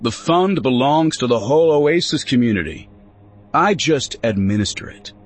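A man's voice: medium pitch, animated, moderate pace, husky, voice pushed up. A man voicing an earnest, slightly awkward young settler who argues and pleads his case in a spoken story.

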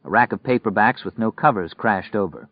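A man reading a novel aloud in steady, measured scripted narration. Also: lowish voice, no room sound. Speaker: audiobook narrator. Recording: dry, muffled recording.

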